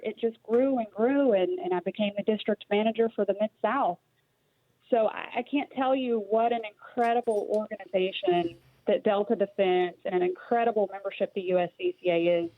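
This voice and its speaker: A woman's voice: mid-range voice, no echo. A woman from Tennessee with a light Southern accent, a guest talking earnestly in a casual interview with some fillers and restarts. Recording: dry tinny phone-like line.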